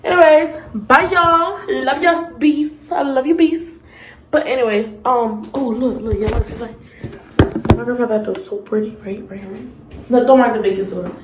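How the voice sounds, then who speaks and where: Speaking on the high side at a normal speed, a woman films a casual vlog in her grandmother's bathroom. She's hyper and playful, letting out squeals and beep sounds, and the room is echoey with noise.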